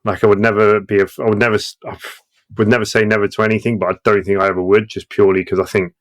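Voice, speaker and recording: Guest: man, 30s, lowish voice, salty and animated, laughs through his own tales. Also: very fast. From Britain. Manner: profane, acts out quoted voices, laughs often. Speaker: guest veteran. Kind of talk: casual war storytelling.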